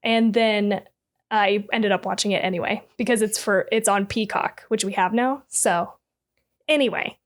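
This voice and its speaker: A woman's voice: medium pitch, steady tone, normal speed. A woman co-hosting a casual horror-movie podcast, giggly and rambling, with many fillers. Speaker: podcast co-host. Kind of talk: casual chat.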